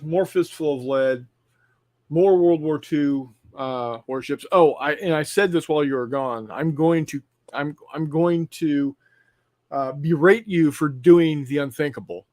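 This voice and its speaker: Halting man, slightly high voice. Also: darkish tone. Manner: halting, restarts often, dry teasing. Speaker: co-host. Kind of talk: casual chat.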